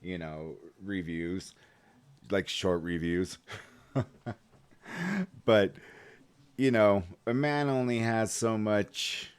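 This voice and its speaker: Rambling, heated low-voiced man. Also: steady tone, very slow, long pauses, smooth. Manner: rambling, heated storytelling with swearing. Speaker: vlogger. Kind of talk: casual rant to camera.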